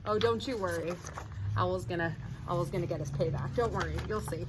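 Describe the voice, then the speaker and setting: Her voice sits high and she talks fast while reading a picture book to children outside, sirens and traffic audible in the background. She stops between pages to chat with the kids and performs the animal noises herself.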